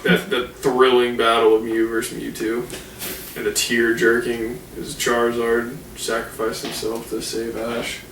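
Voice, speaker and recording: A man with a middling pitch makes his case on a podcast and keeps repeating his points for emphasis. He is recorded from a distance in an echoey room, with clear noise behind him. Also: monotone, unhurried, a bit bright. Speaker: podcast co-host. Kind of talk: casual chat.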